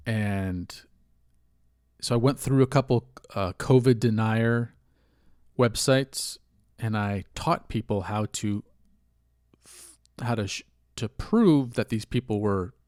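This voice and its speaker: A man's voice: on the low side, no room sound, clean studio sound. A man hosting a solo podcast, rambling in a candid, rueful way with a stuffy, sniffly nose from allergies. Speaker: podcast host. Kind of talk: casual solo podcast monologue.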